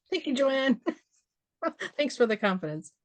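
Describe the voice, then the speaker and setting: A middle-aged woman with a Minnesotan accent, an artist chatting in an interview, laughing often and filling pauses. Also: high voice, big pitch swings, dry recording. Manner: chatty and warm, laughs often, many fillers. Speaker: guest artist, printmaker. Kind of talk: casual conversational interview.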